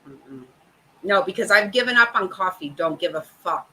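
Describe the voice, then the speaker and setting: A woman's voice: on the low side, animated, normal speed, pushed and bright, husky, rough recording. A middle-aged woman hosting a casual chat, profane and exasperated, laughing often. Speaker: host.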